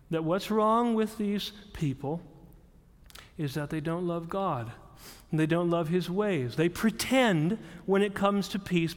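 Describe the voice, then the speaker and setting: A man preaching a sermon, earnest, moving between hushed passages and emphatic ones. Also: on the high side. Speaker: pastor. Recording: long hall reverb.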